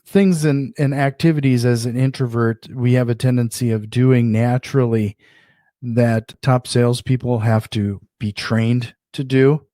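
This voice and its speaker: A man's voice: medium pitch, steady tone, unhurried, mellow, dry recording, studio quality. A man hosting a casual podcast interview who asks follow-up questions and often restarts his sentences as he talks. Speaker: podcast host.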